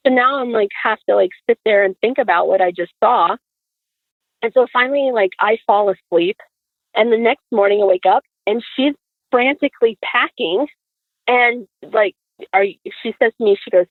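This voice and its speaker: A woman, a podcast guest, telling a story in casual conversation, animated and acting out the dialogue. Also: on the high side, moderate pace, dry recording. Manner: animated, acts out quoted dialogue. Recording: dry, phone-like audio.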